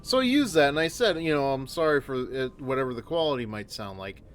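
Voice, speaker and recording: A man's voice: medium pitch, animated, brisk, faint music behind. A man in his thirties who rambles, full of fillers, while streaming a game at home on a desktop microphone. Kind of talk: casual gameplay commentary. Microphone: desktop microphone with headphones.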